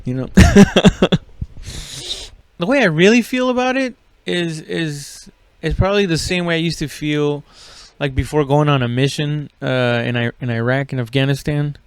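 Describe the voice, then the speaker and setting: A man in his thirties hosts a comedy podcast, rambling loosely through profane asides and filler words. His voice sits a touch high and comes through smooth and resonant. The sound is dry and close to the mic. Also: normal speed, no echo. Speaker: podcast host. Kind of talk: casual comedic monologue.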